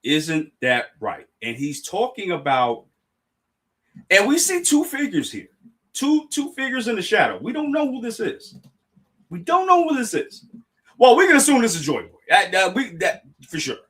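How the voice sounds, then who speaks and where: An excitable young man streams his reaction live, often restarting sentences and apologizing to his viewers. His voice sits high for a man and swings widely in pitch. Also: moderate pace, breathy edge. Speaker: streamer reacting to a manga chapter.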